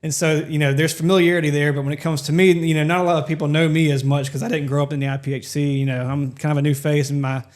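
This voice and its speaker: Rambling self-deprecating man, slightly high. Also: flat delivery, fast talker, hardly any pauses, darkish tone. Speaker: podcast co-host, worship ministry member. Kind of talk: casual storytelling chat.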